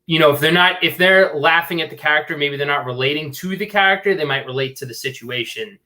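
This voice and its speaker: A man answers as a guest on a casual podcast, explaining his work earnestly. He rambles and leans on fillers throughout. His voice sounds bright and forceful. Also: on the high side, fast talker. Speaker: filmmaker guest. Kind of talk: casual interview chat.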